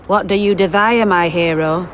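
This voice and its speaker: An actress playing a bawdy, blunt camp prostitute in a video game, speaking crudely with a slight lisp. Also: female voice, fairly low pitch, normal speed, slight background noise, natural voice. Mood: scornful. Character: bawdy brash young camp prostitute woman.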